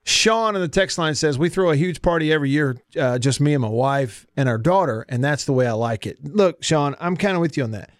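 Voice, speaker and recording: Southern male sports radio host, folksy, slightly high voice, dry studio sound. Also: lively intonation, a little fast, hardly any pauses, no echo. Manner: chatty, folksy, reads listener texts aloud. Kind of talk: casual sports talk radio. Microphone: studio mic.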